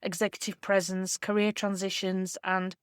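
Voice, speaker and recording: A woman hosting a solo podcast, giving earnest career coaching in a measured, emphatic way. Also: medium pitch, level tone, clean tone, no room sound, studio quality. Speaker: podcast host and leadership communication coach.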